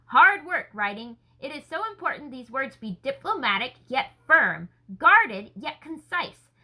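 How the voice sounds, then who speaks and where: A woman voicing an earnest, enthusiastic gentleman scholar in a story reading, speaking effusively. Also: sits high, very animated, unhurried, full character voice, poor audio. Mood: eager.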